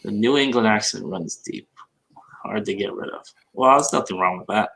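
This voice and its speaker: A man's voice: fairly low pitch, normal speed, vocal fry, pushed and bright, low-quality recording. A man hosting a podcast, chatting casually and asking curious questions about accents. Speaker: podcast host. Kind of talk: casual chat.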